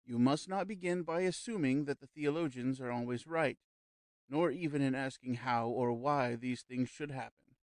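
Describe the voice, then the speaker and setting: Audiobook: man voicing a calm, smooth male medium, slow and reassuring, mid-pitched, dry close read. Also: no room sound, lightly acted. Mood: persuasive. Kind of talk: audiobook character reading.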